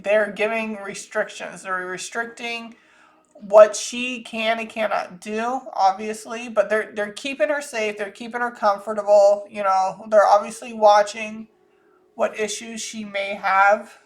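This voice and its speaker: A woman's voice: medium pitch, steady tone, a little slow. A woman with a Southern US accent, talking casually through a psychic reading and thinking aloud with frequent restarts. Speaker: psychic channeler.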